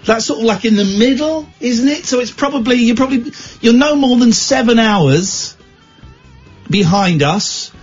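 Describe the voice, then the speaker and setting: A man's voice: very high-pitched, animated, normal speed, slightly rough. A British man hosting a comic late-night radio show, playful and theatrical. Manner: playful, theatrical, swings between shouts and mumbles. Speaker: radio host. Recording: dull radio sound with music behind.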